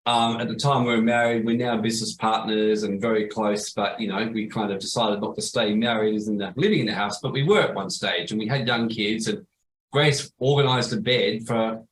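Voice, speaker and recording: A man's voice: on the low side, fairly even intonation, brisk. A man hosting a webinar, telling rambling, blunt anecdotes with some salty language. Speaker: webinar host. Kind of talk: casual storytelling. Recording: roomy echo with faint noise.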